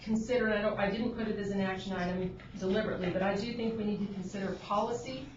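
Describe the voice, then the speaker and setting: A woman on an agriculture board speaks at a public meeting, earnest and pointed, restarting her sentences often. The room mic sits far from her, so her voice comes through roomy and dull, with steady background noise. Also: medium pitch, fast. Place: conference room at a government meeting.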